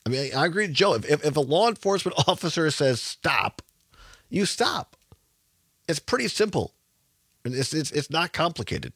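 A man's voice: fairly high pitch, very animated, normal speed, fairly bright tone, husky, no room sound. A man in his fifties hosting a call-in radio talk show, chatting with callers and reading local news aloud. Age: 50s. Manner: chatty, repeats phone number, reads news aloud.

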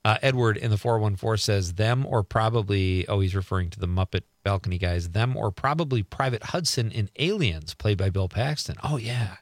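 A man's voice: lowish voice, moderate pace, hardly any pauses, no echo. A middle-aged man hosting a radio show, chatting casually as he reads listener texts aloud and riffs on each one.

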